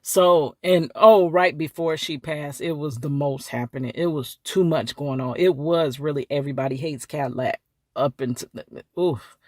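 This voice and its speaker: At a normal speed, a woman tells a lively story in a casual camera vlog, mimicking each character with big vocal leaps and breaking into laughter regularly. The recording is dry and of studio quality.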